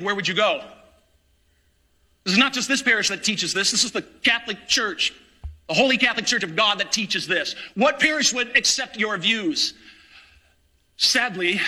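A man's voice: high voice, sharp tone. A man, a parish priest, preaching an impassioned, indignant sermon in a church.

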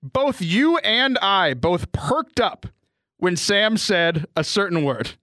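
Though he has bronchitis, a man co-hosts a podcast over a remote call mic, making light of himself and laughing often in casual conversation. His high, sharp voice is very animated but unhurried, and there's no echo.

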